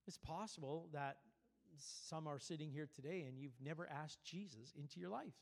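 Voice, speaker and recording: A man's voice: fairly high pitch, moderate pace, gravelly. A male pastor preaching to his church, talking in a conversational way with personal stories and frequent restarts. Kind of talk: sermon. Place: church service.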